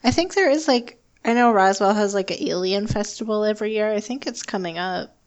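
A woman in relaxed conversation with friends, speaking in an easygoing way and laughing along with the group. Her voice sits at an everyday middle pitch. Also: a little fast, clean tone. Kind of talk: casual chat.

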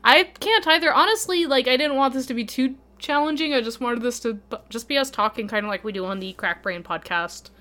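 A woman's voice: high voice, fairly quick, hardly any pauses, sharp tone. A woman in her thirties co-hosting a podcast, chatting casually in a giggly, playful way full of "like" fillers. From Utah, USA. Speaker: podcast co-host. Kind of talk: casual chat.

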